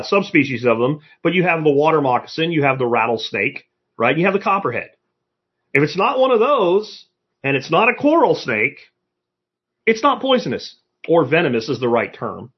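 A podcast host runs a live stream, his fairly high, slightly husky voice lively and swooping. He's blunt and profane as he rants back at chat comments, and the audio is dull and lo-fi.

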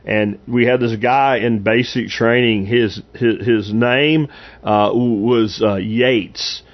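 A man's voice: medium pitch, steady tone, takes it slowly, dull audio. A man in his fifties hosting a podcast, rambling casually through anecdotes with frequent restarts. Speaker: podcast host. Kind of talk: casual monologue.

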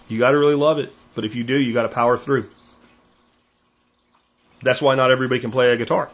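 A husky, lively man with a mid-range voice hosts a podcast and tells stories. He keeps it a casual monologue, animatedly performing the voices of people he quotes, and the recording is dull and lo-fi.

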